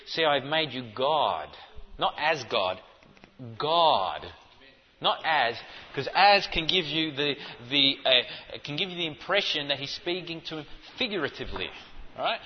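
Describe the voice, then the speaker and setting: A man preaching a sermon, teaching in an emphatic way and rising to forceful stresses. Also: on the high side. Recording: dull audio with long hall reverb.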